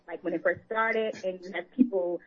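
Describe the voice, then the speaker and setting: A woman's voice: fairly low pitch, fairly even intonation, moderate pace. A woman author and advocate speaking as a guest in an earnest, heartfelt, conversational way. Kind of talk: guest interview. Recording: tinny phone line.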